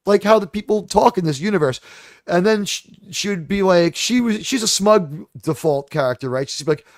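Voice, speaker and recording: A man's voice: on the high side, fairly quick, a little mellow, no echo, clean studio sound. Profane, exasperated male stream host. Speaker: livestream host. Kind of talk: casual ranting commentary.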